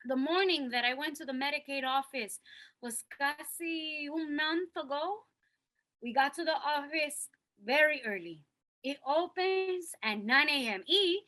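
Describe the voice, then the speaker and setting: Actress playing a young mother, high bright voice, slow, confessional, Spanish words mixed in. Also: rough recording. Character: young working mother, Cristela, holding back tears. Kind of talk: stage monologue acting.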